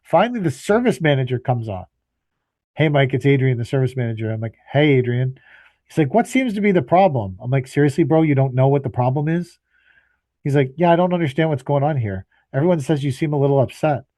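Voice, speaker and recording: A man's voice: medium pitch, lively intonation, fairly quick, mellow, dry recording. A man co-hosting a casual podcast, telling an exasperated, profanity-laced story and acting out both sides of his phone calls, sounding tired. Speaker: podcast co-host, landscaping business owner.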